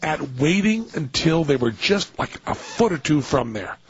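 A man hosting a radio talk show, excitable and gleeful, often stammering and restarting. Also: on the high side, moderate pace. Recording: dull lo-fi radio broadcast.

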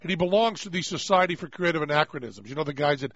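Rambling radio host, slightly high voice. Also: male voice, animated, a bit bright, no echo. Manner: rambling, jokey, quick to laugh. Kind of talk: casual radio talk. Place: radio studio. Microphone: studio microphone. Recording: dry, dull-toned studio sound.

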